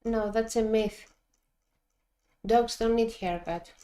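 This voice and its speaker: A woman's voice: on the high side, steady tone, takes it slowly, warm tone. A woman from Greece with a Greek accent, chatting casually and teasing on a stream. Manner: playful, teasing.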